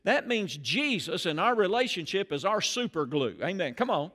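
Man, pastor, bright forceful tone, slightly high pitch, animated preaching. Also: normal speed. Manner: animated preaching, rising loud on key phrases. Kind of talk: sermon. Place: church sanctuary.

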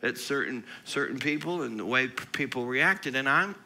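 A man preaching a sermon as pastor, animated and rising to loud, emphatic outbursts. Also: mid-range voice, normal speed, creaky.

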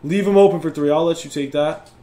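A young man calls a basketball video game live, fired up and griping at his opponent. His voice sits a little high and rings in an echoey room. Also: fast. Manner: competitive, yells and complains at opponent. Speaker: gaming YouTuber. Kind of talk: live gameplay commentary.

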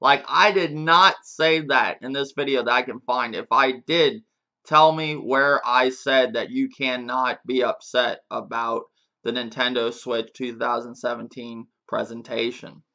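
A man's voice: medium pitch, fairly even intonation, measured pace, pushed and bright. A man giving a casual, profane rant to his viewers as a gaming YouTuber, with frequent chuckles and restarts.

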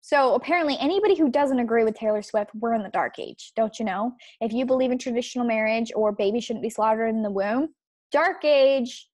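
A woman's voice: on the high side, fairly quick, a little mellow, no echo. A young woman hosting a podcast, giving sarcastic opinionated commentary and reading quotes aloud. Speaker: podcast host.

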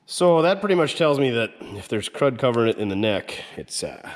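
In a shop, a mechanic vlog host works on an old car, giving casual running commentary with slangy jokes and banter. His mid-range voice swings widely in pitch and moves a little fast.

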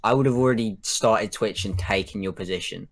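Low-voiced young guy, dry deadpan delivery over a call. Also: brisk. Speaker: guest. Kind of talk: casual chat on voice call.

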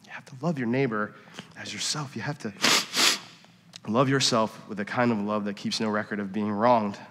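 A middle-aged man, a worship pastor, preaching a sermon and telling personal stories, dropping to quiet confession and rising to emphatic points. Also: lowish voice, steady tone, normal speed, noisy background. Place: church sanctuary. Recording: long reverb of a church hall.

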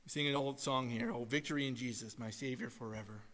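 A male pastor preaching an animated sermon, telling stories and breaking into loud, emphatic calls to his congregation. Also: mid-range voice, fast talker, in a large hall. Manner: animated storytelling with sudden loud emphatic exhortations. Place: church sanctuary.

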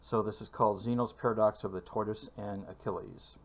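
A man teaching a calculus lecture for video, speaking in a measured way with frequent fillers and pauses. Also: lowish voice, fairly even intonation. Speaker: math lecturer.

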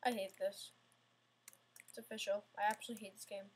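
A woman's voice: medium pitch, little pitch movement, brisk, a little hiss or hum. A woman giving casual, self-mocking gameplay commentary, getting frustrated and talking back at the game. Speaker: gamer playing an obstacle course game.

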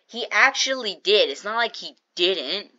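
A woman's voice: mid-range voice, animated, measured pace, sharp tone, dry recording, highs cut off. A woman casually telling a storytime vlog, chatty and jokey, acting out what people said. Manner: chatty, jokey asides, acts out quoted lines. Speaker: storytime vlogger.

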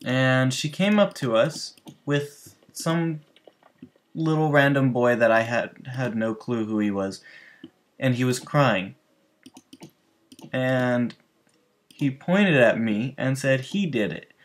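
A man's voice: medium pitch, slow pace, long pauses. A man hosting a gaming channel, telling loose, rambling stories over gameplay and talking straight to his viewers. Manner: rambling, loose, full of restarts and asides to viewers. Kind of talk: casual storytelling over gameplay.

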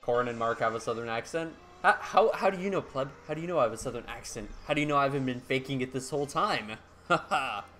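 A man from the United States chats casually on a live game stream, answering his viewers' messages in an easygoing way with easy laughs. His mid-range voice has a fairly bright tone and moves fast with few pauses, while faint music plays behind him.

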